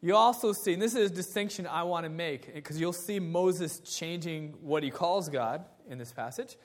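A man's voice: on the high side, normal speed. A young man preaching a sermon as assistant pastor, telling self-deprecating stories in a conversational way. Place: church sanctuary.

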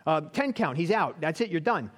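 Bible class teacher, male, high voice, casual conversational delivery. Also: sing-song, moderate pace. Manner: chatty, checks in with listeners with "right?".

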